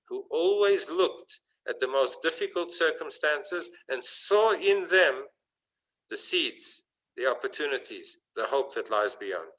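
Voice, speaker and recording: A man giving a sermon as a rabbi, telling a story and building to fervent emphasis, with some halting restarts. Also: mid-range voice, sharp tone, low-quality recording.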